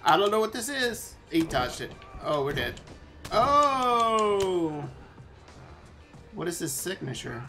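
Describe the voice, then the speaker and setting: A man giving loud, excitable commentary while playing a video game, swearing and yelling at the game. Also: a little high, moderate pace, few pauses, soft background music. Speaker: gaming streamer. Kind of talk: live gameplay commentary.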